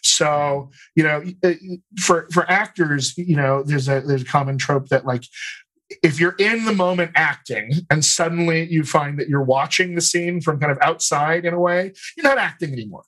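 A slightly high, somewhat bright male voice belongs to a dialect coach and actor being interviewed. He answers reflectively and in explanatory detail, tending to pause on "you know" and restart his phrasing.

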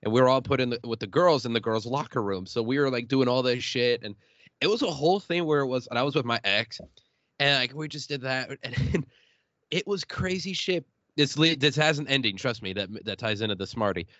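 A young podcast host from Illinois tells rambling, swear-filled stories and laughs often. His voice sits at a middle pitch. The recording is dry and a little dull, like a home setup. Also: fairly quick, fairly bright tone, dry recording. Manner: profane, laughing storyteller. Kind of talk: uncensored casual chat.

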